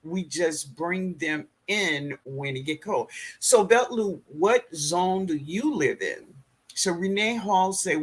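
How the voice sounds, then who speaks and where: Husky middle-aged guy chatting on a live stream, slow and laid back, talks to viewers by name. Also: on the high side, lively intonation, fairly bright tone. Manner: laughs often, chats with viewers by name. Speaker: gardening show host reading live chat. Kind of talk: casual live-stream chat.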